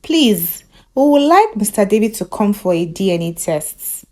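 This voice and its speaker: A Nigerian woman voicing a formal male doctor calling in, slow and measured. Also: mid-range voice, big pitch swings, a little mellow, natural voice.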